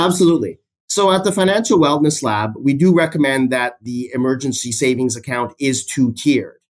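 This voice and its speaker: A man, a business professor explaining his ideas as a podcast guest in a steady way, citing many figures. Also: mid-range voice. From Canada. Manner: steady, fact-heavy, cites statistics, repeats key phrases.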